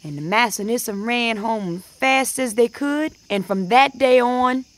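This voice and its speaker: A woman's voice: fairly high pitch, measured pace. Folksy woman telling a tale. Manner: sing-song character voices, folksy dialect. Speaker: storyteller. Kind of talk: oral folk storytelling.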